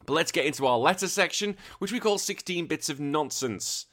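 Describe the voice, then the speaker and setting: A man's voice: a little high, animated, fairly quick, a bit bright. Chatty British man hosting a podcast. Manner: rambling, chatty, self-deprecating. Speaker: podcast host. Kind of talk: casual podcast monologue.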